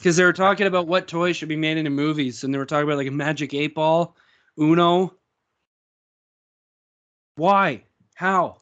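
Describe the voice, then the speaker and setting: A man's voice: a little high, moderate pace, pauses often, fairly bright tone, clear, resonant tone, muffled recording. A man co-hosting a casual chat show, laid-back, swearing a lot and laughing easily. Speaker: podcast co-host.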